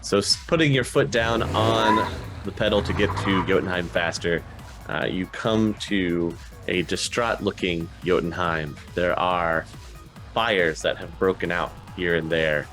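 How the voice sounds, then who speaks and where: A man narrating as game master of a tabletop role-playing game, relaxed and unhurried with frequent fillers. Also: deep voice, music in the background.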